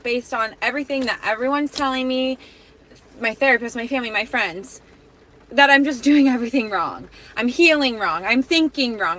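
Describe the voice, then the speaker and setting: A woman vents into her phone camera in an exasperated rush. Her high voice has a sharp brightness, and she drives her point home by repeating herself. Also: poor audio. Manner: exasperated, venting with emphatic repetition. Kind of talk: venting selfie video.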